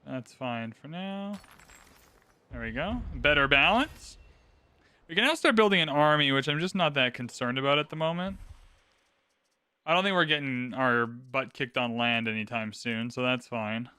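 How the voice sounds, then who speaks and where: A man's voice: medium pitch, normal speed, bright, forceful tone, clear, resonant tone, dry recording. A man hosting a gaming channel, talking through a strategy game in casual, upbeat commentary and explaining his moves as he plays.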